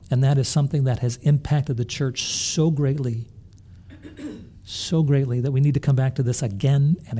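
A man's voice: mid-range voice, warm tone. A man preaching a sermon as pastor, earnest and full of questions to his listeners, often restarting and repeating words as he thinks aloud. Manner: earnest, with rhetorical questions to the congregation.

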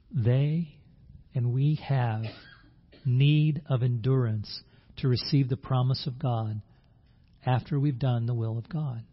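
A man's voice: medium pitch, slightly rough. A man preaching a sermon as pastor, earnest, often repeating words and restarting phrases. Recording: dull lo-fi sound.

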